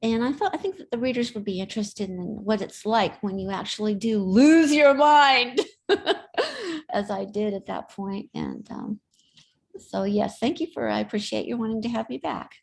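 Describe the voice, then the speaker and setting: A woman's voice: mid-range voice, brisk, creaky, a little mellow, breathy edge. A middle-aged woman speaking as an interview guest, chatty and telling stories with frequent laughs. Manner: chatty, storytelling, laughs often. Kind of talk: casual interview talk.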